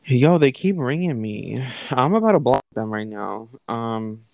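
Gravelly young man telling gossip. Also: medium pitch, measured pace, dry recording, lo-fi sound. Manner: candid, profane, animated retelling of conversations. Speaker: podcast host. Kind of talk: casual storytelling. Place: home. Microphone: live online call setup.

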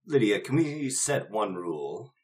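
A man's voice: lowish voice, very animated, unhurried, darkish tone. A man speaking as a player in a tabletop game, firm and matter-of-fact. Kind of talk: tabletop role-play.

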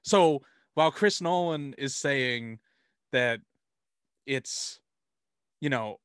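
A man's voice: mid-range voice, takes it slowly, a bit bright, clean tone, dry recording, clean studio sound. A man hosting a casual film discussion, rambling and profane, restarting his sentences often.

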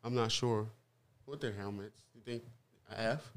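A man's voice: on the low side, normal speed. A man from Maine, a podcast guest in casual chat, laid-back with dry jokes.

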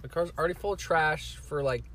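A man's voice: fairly high pitch, a little fast, crowd noise. A young man co-hosting a casual podcast in a car, hesitant and defensive, with many fillers. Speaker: podcast co-host. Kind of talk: casual chat. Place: in a parked car.

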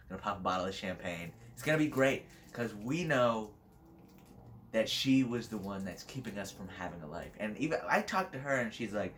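A man's voice: lowish voice, lively intonation, a little fast, fairly bright tone, slight background noise. A young man hosting a podcast, talking in a blunt, rambling, crude and flippant way, laughing often. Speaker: podcast host. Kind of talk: casual solo podcast monologue.

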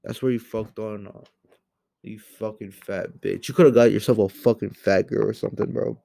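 A young man giving a heated, profane rant into a home microphone, swinging between loud outbursts and low muttering. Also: fairly even intonation, quick pace, creaky, no room sound. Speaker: commentary host. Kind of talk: angry ranting commentary.

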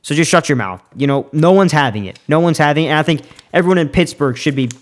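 A man's voice: fairly high pitch, expressive, fast. A young man hosting a sports podcast, ranting heatedly about a player and then giving his game picks in a casual, opinionated way, often restarting his sentences. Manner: heated, fired up, repeats himself and restarts often.

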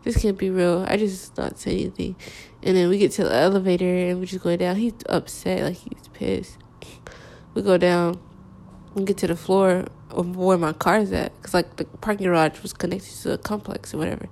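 Young woman, candid storytime talk with creaky fry. Halting delivery, lots of fillers. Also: fairly low pitch, steady tone, a little mellow. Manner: halting, hesitant, full of "like" fillers.

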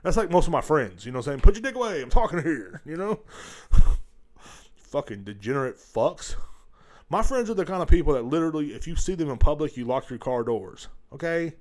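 A man's voice: fairly high pitch, lively intonation, moderate pace, darkish tone. A middle-aged man hosting a comedy podcast, ranting crudely and mocking voices as he rambles. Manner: profane, rambling, mocking voices mid-rant. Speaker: podcast host.

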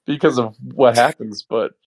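A man's voice: mid-range voice, normal speed, breathy edge. A man co-hosting a review podcast, explaining things in a loose, rambling way. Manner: rambling, restarts often. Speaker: podcast co-host. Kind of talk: casual chat.

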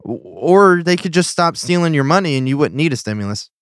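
Man, frustrated and swearing, casual political chat, fairly high pitch. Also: lively intonation, a little fast, no echo, clean studio sound. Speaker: podcast co-host.

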